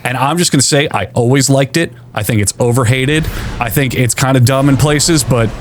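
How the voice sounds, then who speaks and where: A man's voice: medium pitch, moderate pace, faint music behind. A man hosting a casual gameplay commentary, joking and spinning silly hypothetical scenarios for his co-host.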